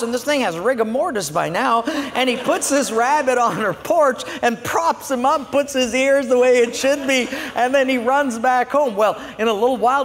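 A pastor preaching a sermon, telling a story and moving from quiet to loud passages. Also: male voice, very high voice, slight background noise. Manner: storytelling, swinging from hushed to loud. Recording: long hall reverb.

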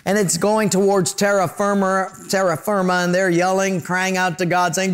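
A man's voice: high-pitched, steady tone, moderate pace, few pauses. A man preaching a sermon, telling stories and acting out voices and sounds along the way. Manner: storytelling preacher, acts out voices and sound effects. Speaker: pastor.

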